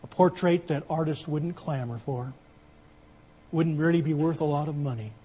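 A male preacher with a fairly high voice tells a story from the pulpit, dropping soft for tender moments. He then rises into loud, emphatic calls to the congregation. A faint low rumble sits under the recording. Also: moderate pace. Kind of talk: sermon with an illustration story.

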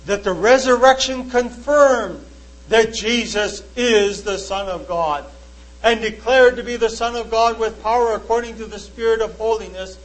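Man with a very high voice preaching. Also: rough recording. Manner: earnest, emphatic, reads archaic scripture verses aloud. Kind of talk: sermon-style testimony quoting scripture.

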